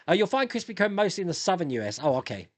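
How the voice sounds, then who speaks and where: A man's voice: high voice, no echo. A man in his fifties from England, hosting a casual live stream, chatting and reading out viewer comments with frequent laughs. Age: 50s. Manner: chatty, animated, laughs often.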